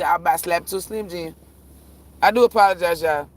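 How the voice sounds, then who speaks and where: Guy doing a tarot live stream, kinda high voice, cusses a lot, rambles and cuts himself off. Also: fairly quick. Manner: profane, rambling, self-interrupting; animated, jumps between shouting and muttering. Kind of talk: casual live-stream rant.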